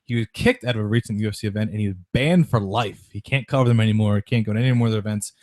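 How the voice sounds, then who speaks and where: A man's voice: on the low side, darkish tone, dry recording, studio quality. A man hosting a sports podcast, chatting casually about sports news in a rambling way, with lots of restarts. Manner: rapid, rambling, with frequent restarts and mocking quoted voices.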